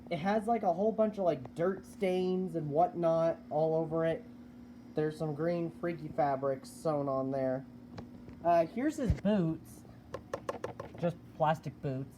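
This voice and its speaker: A man giving a casual product review of a collectible animatronic, unhurried and hesitant, with many filler words. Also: high-pitched, darkish tone, a little hiss or hum.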